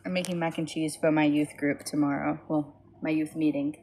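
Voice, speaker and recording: Tired young woman, low-ish voice, rambling casual phone vlog storytelling. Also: moderate pace, a little hiss or hum. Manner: tired, rambling, animated with high-pitched quoted voices. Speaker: small business owner vlogging.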